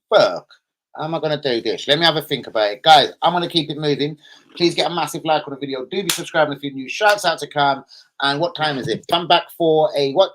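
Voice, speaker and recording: A young man, hosting a loose, sweary live stream and shouting out his viewers. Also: a little high, poor audio. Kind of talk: casual live stream chat.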